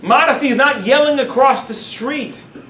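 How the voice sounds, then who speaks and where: A man, a rabbi, teaching a class in a lively way, speaking to the room and acting out his examples. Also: extremely high pitch, moderate pace. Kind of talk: classroom lecture. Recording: roomy sound from a distant mic, faint background noise.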